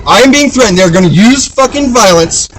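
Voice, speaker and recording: A man's voice: high voice, expressive, brisk, fairly bright tone, a little hiss or hum, rough recording. A man arguing with police from his car at a roadside stop, insistent, repeating himself and swearing. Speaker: driver at a traffic stop. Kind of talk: heated argument with police.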